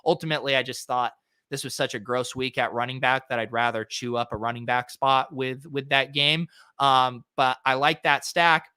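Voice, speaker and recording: A man's voice: medium pitch, steady tone, pushed and bright, clean tone, no room sound, studio quality. A man hosting a fantasy sports show, reviewing lineups in a casual, chatty way with lots of fillers. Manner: chatty, filler-heavy, quick asides. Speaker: fantasy sports podcast host.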